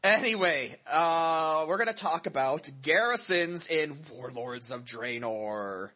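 Bright, jokey podcast co-host man. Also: fairly high pitch, expressive, slow. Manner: playful, jokey, laughs easily. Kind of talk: casual gaming podcast chat.

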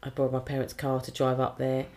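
Chatty low-voiced woman. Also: fast. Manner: chatty, animated storytelling with lively put-on quotes. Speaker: singer and compère. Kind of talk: casual interview chat.

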